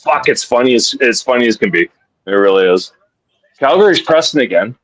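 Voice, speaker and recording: A man on a live hockey betting show, chatting casually and excitably, often repeating his words as he starts a thought. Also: medium pitch, fairly quick, breathy edge, no echo, poor audio. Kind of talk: casual live-stream chat.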